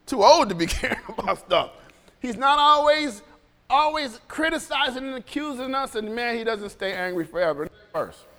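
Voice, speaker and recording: A man preaching a sermon in a church, animated and joking, often laughing as he talks. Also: very high-pitched, moderate pace, in a large hall. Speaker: pastor.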